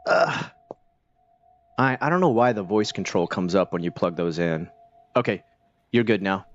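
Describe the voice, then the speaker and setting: A man streams a game while chatting casually, rambling with plenty of fillers and restarts. His voice is mid-range, and the recording has its highs cut off.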